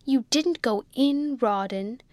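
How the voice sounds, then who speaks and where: A clever, scheming young wife with a sharp, commanding tongue, as a woman narrator puts her on. She sounds high and forceful against the narration, in a dry close recording. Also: slow, no echo. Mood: scolding.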